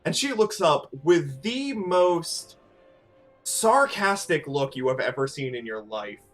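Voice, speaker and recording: A man narrating a tabletop role-playing game as game master, with lively asides and laughter. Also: fairly high pitch, takes it slowly, soft background music.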